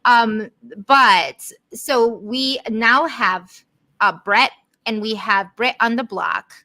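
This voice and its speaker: A woman's voice: on the high side, slow pace, bright, forceful tone, no echo. A woman co-hosting a casual chat, talkative with many fillers and easy laughter. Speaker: co-host.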